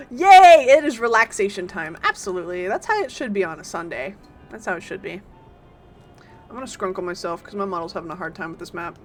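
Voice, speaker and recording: A woman streaming a game live, chatting casually and playfully with bursts of loud exclamations. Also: fairly low pitch, lively intonation, quick pace, soft background music.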